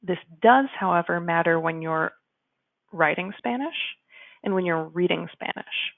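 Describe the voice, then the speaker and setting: A woman teaching a Spanish grammar lesson in a chatty way, slowing down to model example sentences. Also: fairly low pitch, dry recording. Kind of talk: explanatory lesson. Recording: dry, phone-like narrow sound.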